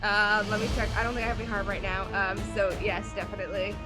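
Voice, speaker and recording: A woman's voice: mid-range voice, steady tone, over music. A woman playing a tabletop game, chatting casually and laughing easily. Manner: playful, quick to laugh. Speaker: player.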